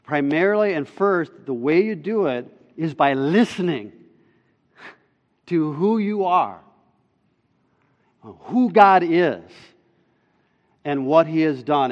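A male pastor preaching a sermon, emphatic, pressing hard on key words and then dropping low and slow. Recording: dull sound with long reverb in a hall.

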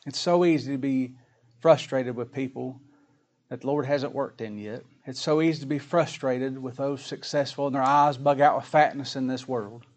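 A man's voice: mid-range voice, moderate pace. Earnest folksy older male preacher. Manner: earnest, folksy, swells louder in prayer then drops soft. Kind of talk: sermon.

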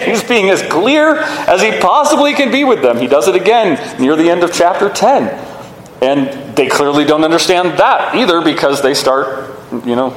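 A man preaching a sermon in an animated way, often asking his listeners rhetorical questions. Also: a little high, slight background noise. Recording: echoey hall with faint ambience.

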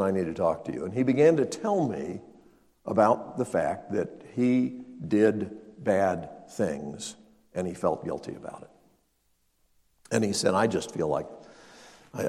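Older male preacher, animated storytelling sermon with lively pitch, reverberant hall sound. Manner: storytelling, acting out dialogue with emphatic rises. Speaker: pastor.

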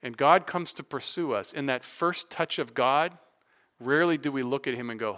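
A middle-aged man preaching a sermon as pastor, animated and conversational, rising loud for emphasis with casual asides. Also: mid-range voice, moderate pace.

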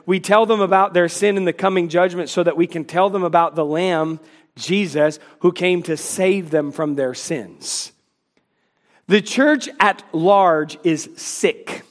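Pastor type, male, high and insistent voice, punchy sermon delivery. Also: unhurried, long reverb tail. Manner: emphatic, acts out scripture dialogue.

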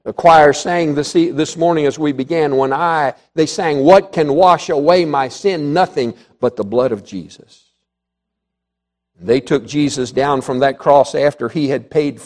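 Church preacher guy, bit high voice, gets loud then goes real quiet and soft. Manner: emphatic preaching that rises loud then drops to soft and hushed. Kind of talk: sermon. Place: church before a congregation.

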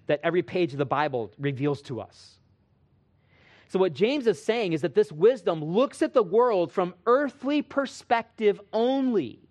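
A man preaching a sermon as pastor, earnest, swinging between emphatic rising lines and quiet asides to his congregation. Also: high-pitched.

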